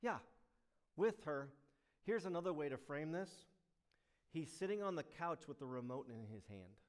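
A male pastor preaching a sermon, emphatic, swinging between loud stressed lines and hushed asides. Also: a little high, expressive, moderate pace.

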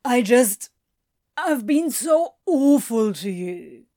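A woman's voice: fairly high pitch, sing-song, slow pace, mellow, dry recording, studio quality. Crowley, a woman voicing a sulky, remorseful male demon. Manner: earnest, mumbling, whiny confessions.

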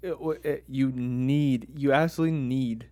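A man co-hosting a casual movie review podcast, animated and quick to laugh as he defends an actor he likes. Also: mid-range voice, dry recording, faint music behind. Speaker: podcast co-host.

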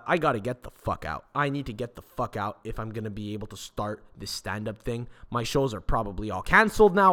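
A man's voice: mid-range voice, fairly bright tone. A young man from Quebec, hosting a podcast in a rambling, swear-filled casual rant. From Quebec, Canada. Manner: swears constantly, rambling restarts. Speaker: podcast host.

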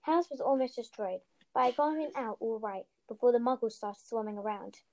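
A woman's voice: a little high, brisk, darkish tone, natural voice. A woman voicing a huge, shaggy, tender-hearted giant man who stammers through tears. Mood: proud. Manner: sobbing, stammering.

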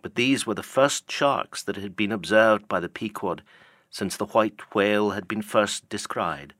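An audiobook narrator with a lowish voice reads a classic novel in a measured, steady storytelling style. The scripted narration is studio quality, with no room sound.

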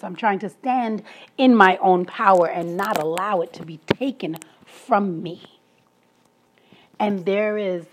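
A woman talking through a personal story in an emphatic monologue, laughing between her points. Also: fairly low pitch. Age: adult, past school age.

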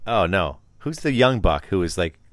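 A man's voice: low-pitched, big pitch swings, moderate pace, no room sound. A middle-aged man hosting a casual sports chat, rambling and teasing, often restarting his sentences. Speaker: podcast host.

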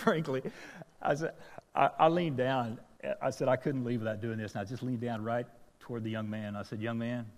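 A male pastor telling a story in a sermon, self-deprecating and acting out the dialogue of the people in it. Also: fairly low pitch. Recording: long hall reverb.

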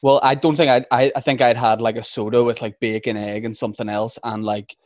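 Male host, casual storyteller, mid-pitched. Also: level tone, a little fast, a little mellow. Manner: chatty, self-deprecating storyteller. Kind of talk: casual chat.

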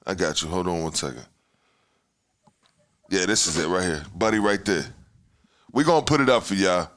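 A man hosting a podcast, talking heatedly in casual chat, swearing freely and swinging between loud outbursts and mutters. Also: low voice, normal speed. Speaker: podcast host.

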